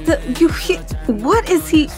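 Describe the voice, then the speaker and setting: A woman reacting to an album in casual commentary, excitable, swearing a lot and breaking into exclamations and laughter. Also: very high voice, measured pace, music in the background. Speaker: music reaction host. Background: song playing faintly.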